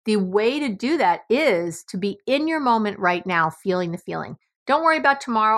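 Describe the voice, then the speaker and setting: A woman's voice: medium pitch, animated, fairly quick, a bit bright. Blunt New York woman podcaster. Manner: blunt, emphatic, swears freely. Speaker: podcast host. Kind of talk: motivational podcast monologue.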